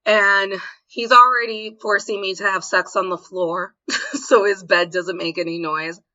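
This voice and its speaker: A woman's voice: mid-range voice, fairly even intonation, measured pace, bright, forceful tone, highs cut off. A woman co-hosting a podcast, telling bawdy stories with giggles and acted-out quotes. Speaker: podcast co-host. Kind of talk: candid storytelling chat.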